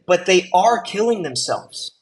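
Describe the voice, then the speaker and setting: A man's voice: high voice, very animated, a little slow, rough recording. A man teaching an EMT class, talking casually with lots of fillers and check-in questions. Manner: conversational, with frequent fillers and check-ins. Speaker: EMT instructor. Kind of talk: classroom lecture.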